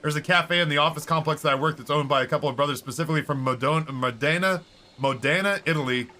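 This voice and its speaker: Brief: chatty male game streamer, bright voice, meandering anecdotes. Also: a little high, fast talker. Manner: rambling, animated storytelling with many fillers. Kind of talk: casual chat while streaming a game.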